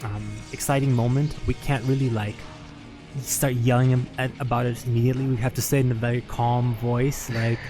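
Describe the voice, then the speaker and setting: A man's voice: mid-range voice, level tone, moderate pace, over music. A man commentating a strategy game match at a live event, chatty and analytical with frequent laughs and fillers. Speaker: esports commentator. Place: venue at a LAN event.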